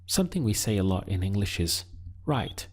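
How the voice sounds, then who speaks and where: A man teaching a Spanish lesson, speaking deliberately and pausing so the learner can answer. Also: on the low side, very animated, slightly rough. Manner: slow, deliberate teaching with pauses for learner practice. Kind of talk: video language lesson.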